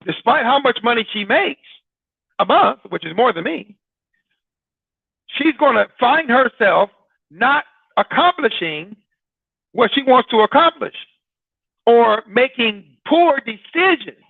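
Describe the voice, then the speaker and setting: High, gravelly man on a tinny line. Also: animated, unhurried, pauses often, no room sound. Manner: conversational, poses rhetorical questions to listeners. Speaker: broadcast host. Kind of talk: informal broadcast talk. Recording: dry, tinny phone-like sound.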